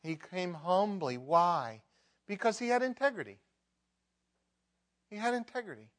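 Middle-aged male pastor mid-sermon, slightly high pitch, shifts between soft intimacy and forceful emphasis. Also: very animated, measured pace. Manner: emphatic, swings between loud mock outbursts and hushed prayer. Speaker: preacher.

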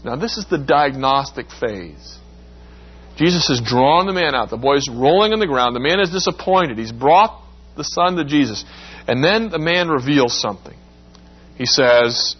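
A man's voice: mid-range voice, lively intonation, moderate pace, slightly rough, dull audio. A man preaching a sermon, explaining scripture with everyday examples and acting out the quoted lines. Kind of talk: sermon with Bible exposition.

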